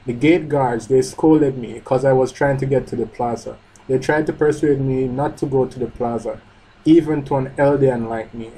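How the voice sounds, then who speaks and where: A man's voice: mid-range voice, husky, poor audio. A man hosting a live manga reaction, reading the dialogue aloud and breaking off with blunt, sweary comments. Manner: reads panels aloud, breaks off to comment, swears and shouts in outrage.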